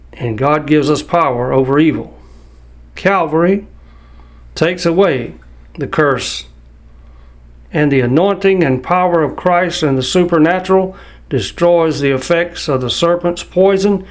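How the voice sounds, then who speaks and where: An older man preaching a sermon, reading scripture slowly and with emphasis. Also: on the high side.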